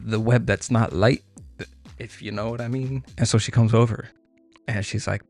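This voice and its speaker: Telling a rambling story, a young man speaks at normal speed in a lowish, steady voice that is creaky and a little mellow. Faint music plays as he swears freely, leans on filler words and laughs at his tangents, streamer-style.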